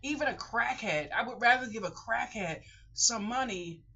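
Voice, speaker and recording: Older woman vlogger, bright, forceful and emotional, talks in repeating rambles. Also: on the high side, expressive, moderate pace, husky. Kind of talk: casual talking-to-camera vlog. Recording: muffled lo-fi home recording.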